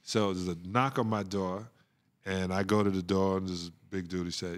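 A middle-aged man, a guest on a podcast, telling stories in an animated way, laughing often and acting out the people he quotes. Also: sits low, moderate pace. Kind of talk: storytelling in a podcast interview.

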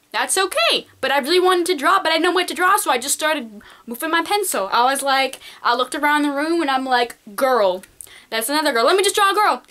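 A bright, high-voiced teen girl who runs an art vlog gives casual advice, talking straight to viewers in a peppy, encouraging way. It's recorded on a camcorder mic.

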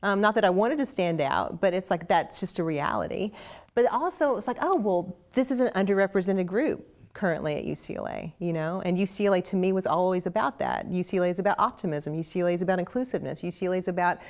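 Chatty Oklahoma woman, lower voice. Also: fast. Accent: Southern Oklahoma. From Oklahoma, USA. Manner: animated, chatty, many restarts and fillers. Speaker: interview guest, actress. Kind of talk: casual interview storytelling.

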